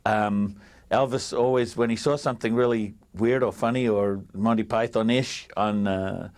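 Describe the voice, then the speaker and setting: An older man, answering interview questions with animated stories, laughing and acting out the voices of people he quotes. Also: on the low side, normal speed. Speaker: interviewee, writer on a TV special. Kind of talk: anecdotal interview storytelling.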